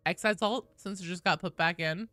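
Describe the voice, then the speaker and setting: A woman's voice: lowish voice, moderate pace, fairly bright tone, dry recording, soft background music. A woman streaming a game live, chatting casually and playfully with viewers and swearing freely.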